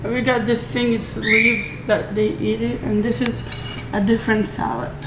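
A woman's voice: a little high, little pitch movement, moderate pace, heavy background noise. A young woman chatting casually in a home vlog, talking hesitantly with many fillers and restarts. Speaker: vlogger. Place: home bedroom with window open.

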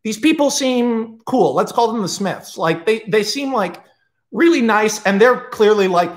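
A screenwriter telling a film pitch in a casual, rambling, profane storytelling style, full of energy and asides. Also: male voice, expressive, unhurried.

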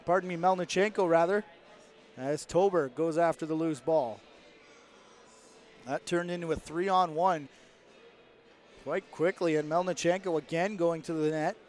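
Male play-by-play caller, fast and lively, a touch higher than most men. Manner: rapid play-by-play, rising with the action. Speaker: play-by-play commentator. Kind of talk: sports commentary.

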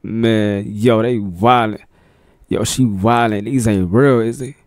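A man's voice: lowish voice, steady tone, slow, loud music behind the voice. A man hosting a casual reaction video, talking in a laid-back, slangy way and laughing often.

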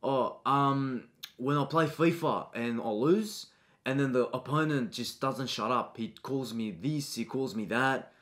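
Comedy sketch: man voicing a shy Aussie schoolboy, low, quiet, hesitant, lots of ums. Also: unhurried, natural voice. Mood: timid. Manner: quiet, hesitant, mumbling with ums, polite "sir". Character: shy, timid 13-year-old boy student.

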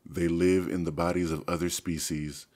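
A man's voice: sits low, level tone, a little mellow, natural voice. A man voicing a dying solemn alien. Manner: slow, solemn, formal speech. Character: dying gentle alien male warrior, telepathic.

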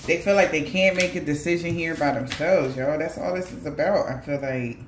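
A woman's voice: sits low, brisk, a little hiss or hum. A woman doing a casual tarot reading for viewers, talking bluntly in slangy, profane speech with laughing asides. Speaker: tarot reader. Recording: echoey room.

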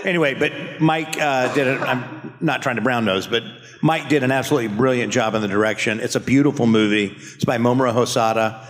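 A man's voice: mid-range voice, a little fast, crowd noise. Man telling a story in a hall. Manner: relaxed anecdotal, laughing at his own story. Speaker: voice actor panelist. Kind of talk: convention panel storytelling. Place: convention panel room. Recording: echoey convention hall through PA.

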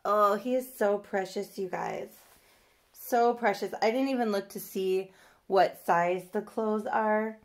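In a casual unboxing vlog, a young adult woman fawns over a new doll with coos and squeals. She speaks slowly at a medium pitch.

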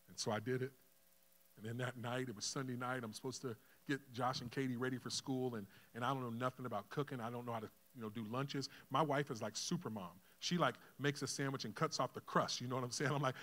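A middle-aged pastor gives a testimony from the pulpit. His voice sits at an ordinary male pitch and swings between hushed, low moments and loud, urgent bursts as he acts out conversations. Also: steady tone, quick pace. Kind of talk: sermon testimony.

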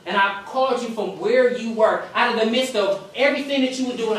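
A man preaching a conversational sermon at a campus ministry, telling stories in a colloquial, animated way with asides to the crowd. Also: sits high, slight background noise. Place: hall for a campus ministry gathering. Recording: echoey room, mic far off.

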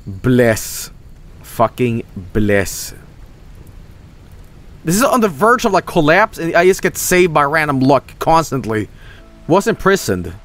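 A young man streaming a video game, swearing and reacting loudly to what happens on screen. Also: fairly high pitch, moderate pace, faint music behind. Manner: excitable, swears a lot, yells at the game. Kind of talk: live game commentary.

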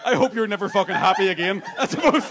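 A man's voice: high voice, noisy background. A young man doing a profane, self-mocking stand-up set in a comedy club, acting out voices. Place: comedy club with live audience.

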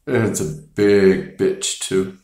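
A man's voice: sits low, fairly even intonation, takes it slowly, a little mellow. A man hosting a casual movie review, rambling with profanity and filler words. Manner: rambling, profane, laughs and acts out scenes. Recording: echoey room.

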